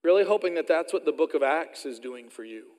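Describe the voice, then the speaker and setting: A man's voice: on the high side, expressive, a little fast, darkish tone, big-room sound. A man from Oklahoma with an Oklahoma accent, preaching a sermon as a pastor and telling stories in a folksy, self-deprecating way.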